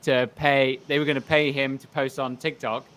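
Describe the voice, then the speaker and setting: A man's voice: medium pitch, little pitch movement, normal speed, fairly bright tone, smooth. Blunt, self-mocking man on a podcast. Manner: blunt, self-mocking, acts out quoted people. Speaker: podcast guest. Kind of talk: casual podcast chat.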